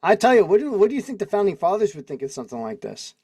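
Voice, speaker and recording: A man's voice: high-pitched, sing-song, rapid-fire, warm tone, husky, no echo, studio quality. A man in his forties hosting a casual livestream, rambling and laughing as he reads legal text aloud and comments. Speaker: host. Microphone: video call mic.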